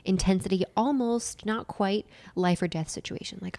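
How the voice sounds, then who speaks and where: A woman's voice: mid-range voice, normal speed, mellow, no echo. Podcast lady explaining stuff, repeats the main bits, dry close sound. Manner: explains step by step, repeating key phrases for emphasis. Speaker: podcast co-host and nutritional therapist. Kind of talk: casual explanatory podcast chat.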